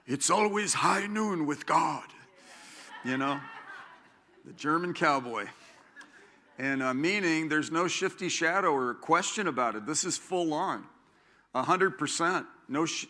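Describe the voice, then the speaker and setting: Bright-voiced emphatic male preacher. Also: a little high. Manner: emphatic, repeats key phrases for note takers. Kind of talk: sermon.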